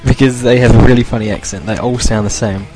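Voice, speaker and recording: A man's voice: mid-range voice, steady tone, fast, over loud music. A young Australian man hosting a casual solo podcast, rambling loosely and chuckling as he talks. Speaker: podcast host.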